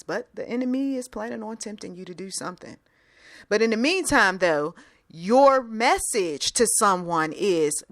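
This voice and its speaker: A woman's voice: mid-range voice, a bit bright, no echo. Plainspoken woman delivering a casual sermon. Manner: conversational, acts out bits of dialogue; plainspoken, repeats phrases for emphasis. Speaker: faith-based speaker.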